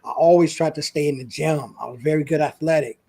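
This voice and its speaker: A man's voice: fairly high pitch, fast talker, vocal fry, dark tone, husky. A man, a guest on an interview show, earnestly telling a personal story in a casual, emotional way.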